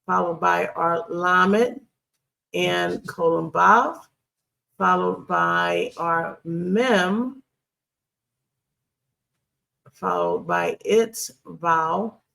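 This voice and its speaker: A Hebrew grammar instructor teaching a screen-share lesson, deliberate and repeating key phrases with frequent ums. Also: medium pitch, gravelly, pushed and bright.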